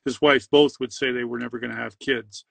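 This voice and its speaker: A man's voice: mid-range voice, steady tone, brisk, creaky, no room sound. A middle-aged man hosting a livestream, upbeat, reading viewer comments aloud and chatting.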